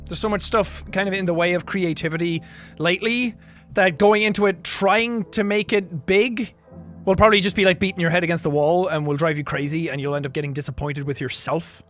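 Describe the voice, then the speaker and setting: A young Irish man casually chatting on a livestream, reading viewer messages and laughing between quick remarks. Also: sits high, fairly bright tone. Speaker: streamer. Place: home recording room.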